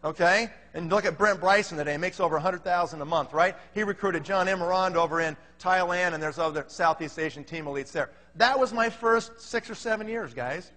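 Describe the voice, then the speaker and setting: A man's voice: high-pitched, fairly quick, hardly any pauses, bright, forceful tone. A man giving a motivational talk to a conference audience, telling stories energetically and checking in with the crowd as he goes. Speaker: company leader speaking at a business conference. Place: large conference hall before a live audience. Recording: reverberant large hall.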